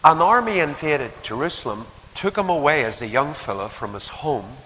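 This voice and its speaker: A man preaching a sermon, telling a story in an animated way and acting out the conversations. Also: a little high, moderate pace. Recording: hall reverb with faint ambience.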